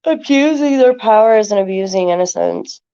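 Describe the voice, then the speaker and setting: A woman's voice: on the high side, expressive, moderate pace, mellow, clean tone, dull audio. A woman streaming to her viewers, talking loosely and rambling, with lots of filler words as she answers chat. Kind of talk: casual rambling talk to viewers.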